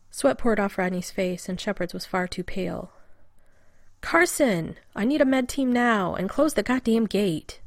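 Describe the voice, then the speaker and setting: A woman narrates a story in a steady, measured way. Her voice has a gravelly fry, and the sound is dry and close with no room echo. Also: on the low side. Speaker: reader. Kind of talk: audiobook narration.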